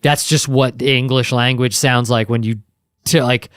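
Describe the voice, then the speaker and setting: A man's voice: medium pitch, steady tone, moderate pace, a bit bright, clean tone, dry recording. A man co-hosting a podcast in casual chat, laid-back and swearing casually. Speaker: podcast co-host.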